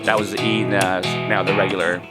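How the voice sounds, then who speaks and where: Easygoing guy teaching guitar, lowish voice, counting strums, guitar playing under him. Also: little pitch movement, brisk. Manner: easygoing, counts strums aloud, sings snatches of melody. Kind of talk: guitar lesson.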